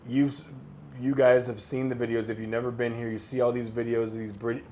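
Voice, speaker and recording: A man's voice: medium pitch, level tone, brisk, a little mellow, slight background noise. A man co-hosting a casual podcast, giving blunt, jaded advice with sarcastic asides. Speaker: podcast co-host. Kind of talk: casual chat, advice to listeners.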